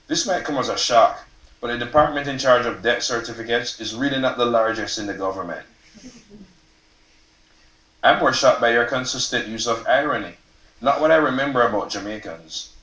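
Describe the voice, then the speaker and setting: A man, the author, reading aloud from his novel at a live event, expressive and casual, sometimes swearing and laughing at his own lines. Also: mid-range voice, normal speed. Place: event stage before an audience. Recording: roomy hall, mic from far off.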